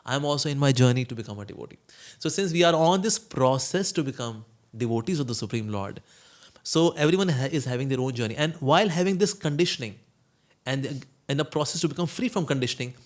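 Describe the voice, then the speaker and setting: A man, a monk answering questions in a conversational spiritual talk, telling stories and acting out quoted voices. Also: a little high. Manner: storytelling, acts out quoted voices, chuckles.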